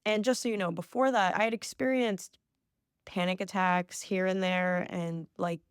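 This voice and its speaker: A woman in her twenties hosts a podcast alone, narrating a personal story with casual chatter, self-mockery and lots of "like." Her medium-pitched, smooth voice keeps a moderate pace and fairly even intonation, in studio-quality audio without room sound.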